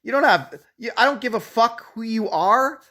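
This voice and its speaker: A man's voice: very high-pitched, lively intonation, normal speed, bright, forceful tone. Man in his forties, swearing angry rant. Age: 40s. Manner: swears constantly, blunt and combative. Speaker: YouTube channel owner.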